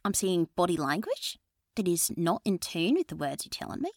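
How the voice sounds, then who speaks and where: A woman's voice: on the low side, big pitch swings, moderate pace, no echo, studio quality. A woman playing a suspicious former FBI agent who now leads a mothers' group, talking in a conspiratorial way that often drops to a whisper. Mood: probing. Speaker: improv guest. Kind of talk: improvised comedy character.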